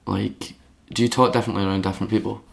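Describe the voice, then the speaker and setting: A man's voice: fairly low pitch, level tone, fast, creaky. A Scottish man co-hosting a podcast, chatting casually and swearing a lot as he rambles. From Scotland. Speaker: podcast co-host. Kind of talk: casual chat.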